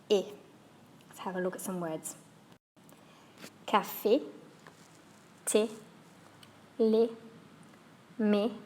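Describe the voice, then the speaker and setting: A woman's voice: mid-range voice, warm tone. A woman whose first language is English teaching French pronunciation, patiently repeating example words and demonstrating sounds. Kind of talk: instructional lesson.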